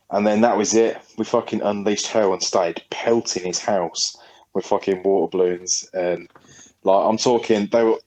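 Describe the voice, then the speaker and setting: A man's voice: fairly low pitch, darkish tone, rough recording. A man, a podcast co-host telling a story in a rambling, sweary, casual way. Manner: rambling, sweary, laughing often.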